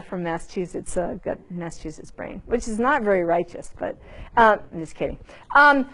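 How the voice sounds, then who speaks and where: A woman teaching a Bible lesson to a group in an informal, conversational way, repeating herself and acting out little asides. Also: high voice. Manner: animated, conversational, many restarts and acted asides.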